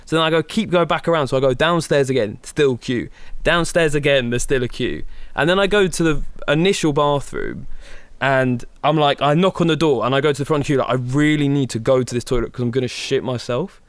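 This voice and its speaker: A man's voice: medium pitch, brisk, dry recording. Swearing young man telling a story. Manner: animated, swears a lot, acts out his own panicked voice. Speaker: podcast co-host. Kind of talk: casual storytelling.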